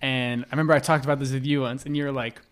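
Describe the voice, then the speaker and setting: A young man guest on a podcast, telling rambling stories in a relaxed, casual chat. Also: mid-range voice, racing, smooth.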